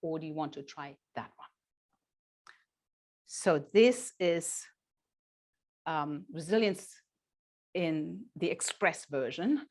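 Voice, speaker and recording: A woman speaking at a parenting workshop, lively and practical, often acting out little quotes of parents and children. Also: low-pitched, slow, pauses often. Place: children's centre meeting room.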